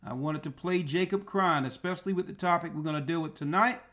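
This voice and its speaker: A man's voice: on the high side, fast talker, sharp tone, a little hiss or hum. A man hosting an online radio talk show, speaking unhurriedly and dropping in religious exclamations while he thinks aloud at his computer. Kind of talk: casual livestream talk.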